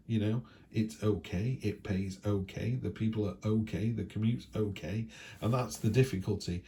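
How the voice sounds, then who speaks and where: A man's voice: on the low side, warm tone. A man giving a casual weekly tarot reading from home, rambling along in a chatty way and often checking in with tag questions. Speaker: tarot reader.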